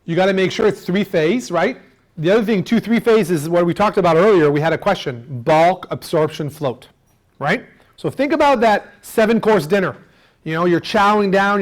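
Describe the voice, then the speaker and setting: Lively man teaching a boat wiring seminar. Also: sits high. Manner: animated, acts out customer voices, food analogies. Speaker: marine electrical seminar presenter. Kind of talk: lively technical seminar talk.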